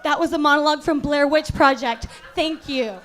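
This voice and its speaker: A woman performing a stand-up comedy set on a club stage as a mock-serious acting teacher who bursts into outraged yelling. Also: high voice, moderate pace.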